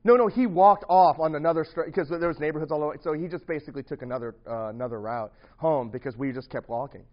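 A young man with a slightly high voice tells a rambling story to a few friends, laughing often and restarting his sentences. The recording is muffled and lo-fi, with the top end dulled. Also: quick pace, few pauses. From grew up partly in the US Midwest. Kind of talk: casual storytelling to a small group.

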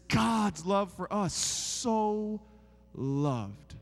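Male preacher, 40s, fairly high voice; sermon delivery, hushed lows building to near-shouts. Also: extremely slow, big-room sound. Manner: animated storytelling, swings from hushed to near-shouting; keeps asking the crowd "right?". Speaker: pastor.

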